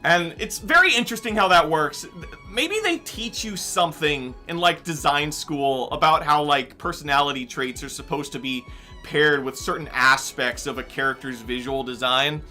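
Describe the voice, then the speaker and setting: Young guy streaming a game, high bright voice, rambly with lots of "like" and "um", soft game music behind. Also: moderate pace. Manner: rambling, tangent-prone, heavy use of "like" and "um". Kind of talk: casual chat while gaming.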